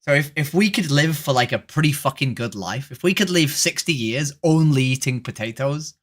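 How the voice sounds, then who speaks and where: A woman's voice: sits low, expressive, moderate pace. A woman, a vegan activist streaming a video chat, who argues pushily, swears freely, and keeps asking "right?". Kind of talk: casual video-chat debate.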